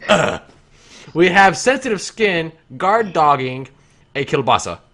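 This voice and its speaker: A man with a fairly high, bright, sharp voice that swoops around a lot. He reads viewer chat aloud on a comedy stream in a giggly, casual way. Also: sing-song, measured pace. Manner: giggly, reads chat messages aloud, directs his co-host. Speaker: co-host reading viewer chat.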